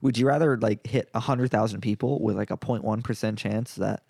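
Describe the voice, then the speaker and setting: Young male co-host, gravelly, laid-back rambler, lots of fillers, dry close mic. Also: on the low side, fairly quick, a little mellow, no echo. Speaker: podcast co-host. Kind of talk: casual podcast chat.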